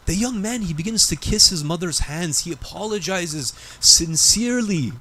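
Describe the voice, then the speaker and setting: A man's voice: high voice, expressive, normal speed, few pauses, bright, forceful tone, a little hiss or hum. A man preacher giving a sermon in a mosque, telling moral stories dramatically and with emphasis. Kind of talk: sermon storytelling.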